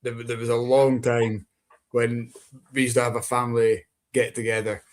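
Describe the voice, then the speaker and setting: An easygoing man hosting a chat over a video call. He talks in a relaxed, encouraging way at a plain middle pitch. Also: normal speed. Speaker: host.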